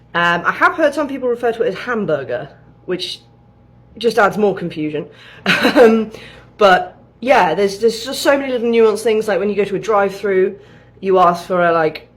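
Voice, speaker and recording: A woman from England chatting casually, with frequent ums and laughs. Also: fairly low pitch. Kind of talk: casual chat.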